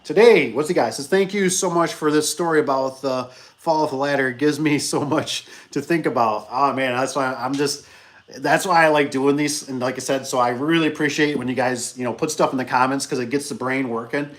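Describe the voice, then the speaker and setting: A man who owns a small business telling a rambling story in an animated, casual way, acting out the people he quotes. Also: medium pitch, a little fast. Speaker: business owner vlogger.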